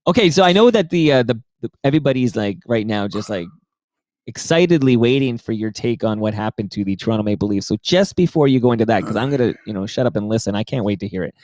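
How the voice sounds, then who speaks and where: A man's voice: lowish voice, expressive, quick pace, a little mellow, no echo. A man co-hosting a casual podcast, upbeat and chatty as he reads sponsor plugs and viewer names. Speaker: podcast co-host and producer.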